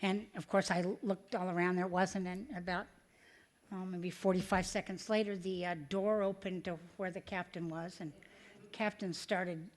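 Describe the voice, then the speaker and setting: A woman's voice: lowish voice, flat delivery, moderate pace. A woman speaking at a recovery meeting, telling a personal story with many fillers and acting out the voices she quotes.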